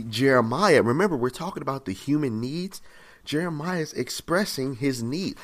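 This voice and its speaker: A man's voice: medium pitch, lively intonation, normal speed. A man giving a conversational sermon, acting out pleas to God and asking his listeners frequent questions. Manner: asks the audience frequent questions. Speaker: preacher.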